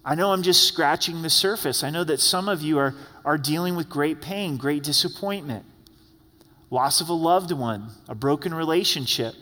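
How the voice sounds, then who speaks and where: A man's voice: fairly high pitch, moderate pace, pushed and bright, in a large hall. A man preaching a sermon as pastor in a conversational style, often acting out the words of the people he quotes. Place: church sanctuary.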